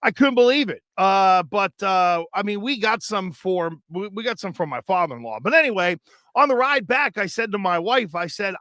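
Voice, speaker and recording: A man's voice: sits high, expressive, normal speed, bright, forceful tone, no room sound, clean studio sound. A middle-aged man hosting a sports podcast, rambling and chatty with many fillers and restarts. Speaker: sports radio host. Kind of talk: casual podcast chat.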